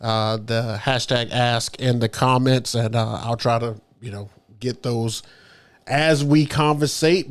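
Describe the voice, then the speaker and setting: A man's voice: medium pitch, fairly even intonation, takes it slowly. A man hosting a casual livestream podcast, greeting the chat and introducing his guest. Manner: upbeat, reads out chat names. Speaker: podcast host.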